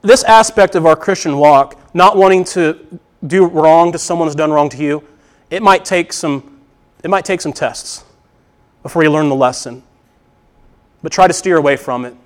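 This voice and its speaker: Pastor, male, high voice, earnest sermon delivery that poses questions and answers them. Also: moderate pace. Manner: earnest, repeats key phrases, asks and answers questions.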